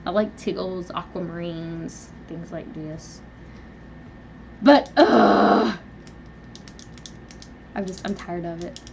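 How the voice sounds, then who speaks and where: A young woman hosting a live stream from home, rambling through an animated personal story with lots of fillers. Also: on the low side, takes it slowly, gravelly, long pauses, a little hiss or hum. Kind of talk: casual venting live chat. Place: at home, indoors.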